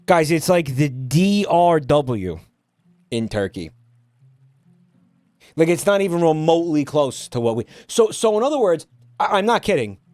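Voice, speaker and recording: A man's voice: on the high side, very animated, measured pace, pauses often, darkish tone, dry recording, faint music behind. A man streaming and ranting at his chat, exasperated and swearing often. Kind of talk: casual stream rant.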